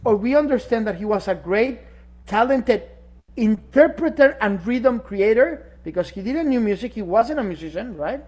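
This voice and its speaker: A man's voice: high-pitched, a little mellow. An emphatic man co-hosting a casual podcast conversation. He presses his points with rhetorical questions and now and then stops to search for a word. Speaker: podcast co-host. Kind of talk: casual chat.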